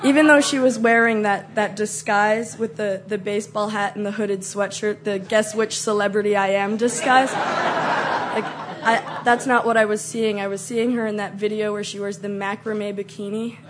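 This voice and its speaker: A woman telling a comic story, acting out scenes with loud shrieks and mock voices. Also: mid-range voice, steady tone, moderate pace, noisy background.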